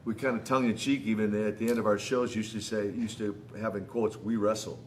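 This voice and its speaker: A man's voice: fairly low pitch, fairly even intonation, quick pace. A man in his sixties, a retired wrestler chatting as a guest on a live signing stream, laughing often and greeting fans. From United States. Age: 60s. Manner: laughs often, warm shout-outs to fans. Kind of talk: casual chat.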